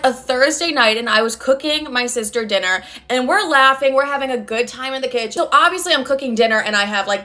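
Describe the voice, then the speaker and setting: A young woman vlogger telling storytime anecdotes in a blunt, animated way, swearing freely. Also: a little high. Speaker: vlogger and podcaster. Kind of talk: casual storytime.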